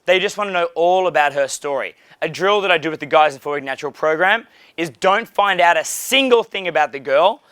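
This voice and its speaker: Brief: a profane, animated man in his thirties, dating coach, slightly high voice, dry close recording. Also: fairly quick, clean tone, no echo. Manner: profane, animated, acts out dialogues. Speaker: pickup coach. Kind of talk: casual coaching talk.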